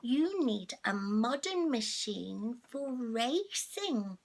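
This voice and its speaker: Woman reader doing a scheming ginger cat, gravelly edge, drawn-out meows. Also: big pitch swings, slight background noise, full character voice. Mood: thoughtful. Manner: high mewing meows, slow.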